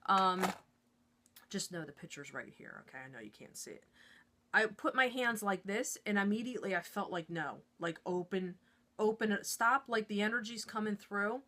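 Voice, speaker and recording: In her own studio shop, a woman who works as an intuitive reader and Reiki practitioner casually teaches a step-by-step lesson to camera, checking in often with "okay?" Her mid-range voice is expressive, pushed and bright, at normal speed, with a little hiss or hum in the audio.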